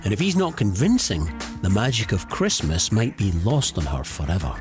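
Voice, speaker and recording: A man's voice: fairly low pitch, wildly swooping pitch, moderate pace. A man narrating a documentary in a scripted voice-over with dry, wry storytelling. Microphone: studio voice-over. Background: music.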